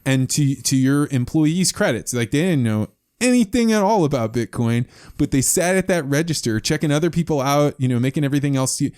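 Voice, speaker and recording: A man's voice: fairly high pitch, animated, a little fast, few pauses, darkish tone, smooth. A man hosting a podcast interview, talking in eager bursts with frequent restarts. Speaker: podcast host. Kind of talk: casual interview chat.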